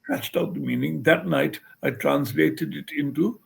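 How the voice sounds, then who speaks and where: Older man with a gravelly voice. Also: a little high, measured pace. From India. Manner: anecdotal, acts out quoted dialogue. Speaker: guest writer. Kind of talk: interview storytelling.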